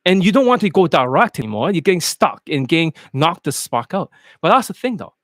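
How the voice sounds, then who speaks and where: A man's voice: on the high side, big pitch swings, brisk, no echo, clean studio sound. A man coaching in a casual live-stream sales monologue, blunt and profane, rambling and slipping in and out of put-on accents. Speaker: dating coach.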